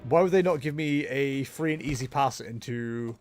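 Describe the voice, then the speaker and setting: At a moderate pace, a man with a mid-range, slightly mellow voice provides casual live commentary on his game stream. Soft music plays underneath while he chats and makes self-mocking jokes.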